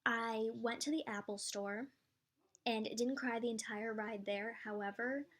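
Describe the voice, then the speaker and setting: Chatty high-voiced teen girl vlogging. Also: fairly even intonation, measured pace. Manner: chatty and flustered, filler-heavy, bursts into panicked shouts. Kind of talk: casual vlog with a baby simulator.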